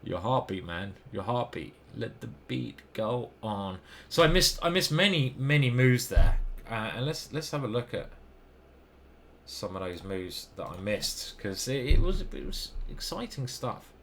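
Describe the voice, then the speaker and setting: A man's voice: medium pitch, lively intonation, unhurried, a bit bright, a little hiss or hum. A man with an English accent commenting casually over his own chess games, rambling, self-deprecating and swearing now and then.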